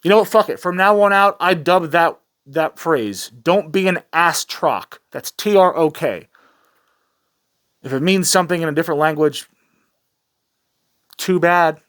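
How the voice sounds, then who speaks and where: A man's voice: a little high, normal speed, pauses often, fairly bright tone. Profane, heated male vlogger. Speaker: commentary channel host. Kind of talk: ranting news commentary vlog.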